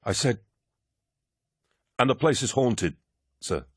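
A man's voice: mid-range voice, expressive, slow, breathy edge, dry recording, clean studio sound, pitched above the performer's own voice. Man voicing a jittery, worn-out army officer. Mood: nervous. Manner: ragged, pained breathing, anxious and sour. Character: nervous, worn-out male army officer in a mask. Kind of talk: audiobook character voice.

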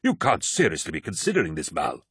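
A man's voice: extremely low pitch, wildly swooping pitch, fast, fairly bright tone, breathy edge, no room sound, clean studio sound, heavily acted. A man reading an audiobook, voicing a blunt, defiant male veteran warrior with a sardonic edge. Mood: pleading. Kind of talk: audiobook character voice.

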